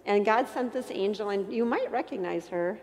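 A woman giving an earnest, emotional faith testimony to an audience, with self-deprecating humor and halting restarts. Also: medium pitch, a little mellow. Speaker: inspirational speaker. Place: church. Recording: long church reverb.

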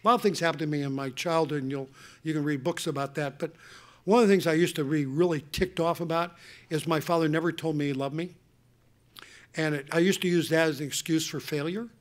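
An older man answering an audience question at a conference, telling personal family stories in an earnest, animated way with many restarts. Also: a little high, fairly quick. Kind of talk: emotional personal storytelling. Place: conference hall.

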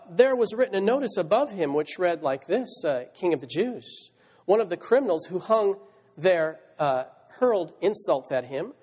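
Male pastor, high animated delivery, reads verses and asks rhetorical questions, reverberant church recording. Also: slightly rough. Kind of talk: sermon. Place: church sanctuary.

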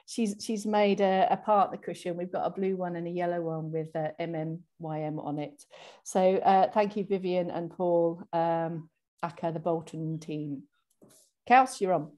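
A woman's voice: on the low side, fairly even intonation, measured pace, dark tone. A woman hosting an online exercise class celebration, reading out thank-you messages on a video call in a chatty way with frequent restarts.

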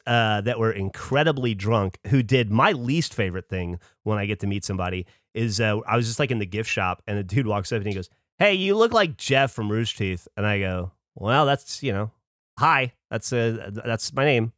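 A podcast co-host with a lowish male voice talks briskly in casual conversation, clean studio sound with no room tone. He tells stories animatedly, acting out the voices of the people he quotes.

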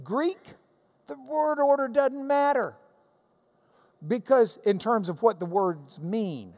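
A man giving a Bible class lecture, animated and emphatic with jokey asides. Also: very high-pitched, slow pace. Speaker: Bible teacher. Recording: long reverb of a large hall.

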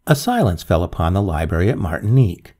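A man narrating a dramatic old ghost story in an expressive, measured way. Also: low voice.

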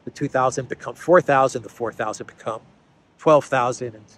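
A man's voice: mid-range voice, a little fast, a bit bright, slight background noise. Man hosting casual political commentary. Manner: conversational, repeats words while thinking, sardonic asides.

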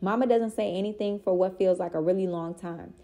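Female reader, children's book read-aloud, mellow and warm, steady and expressive. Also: mid-range voice, a little fast.

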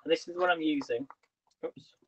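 A man's voice: on the high side, fairly even intonation, moderate pace, lo-fi sound, noisy background. A man hosting a live cooking stream from his home kitchen, chatting with viewers and reading their comments as he cooks.

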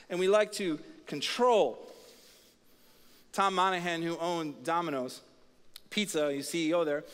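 A high-pitched male pastor delivers an energetic sermon and pulls the congregation into call-and-response. His voice rings out through a large church auditorium with a long reverb tail.

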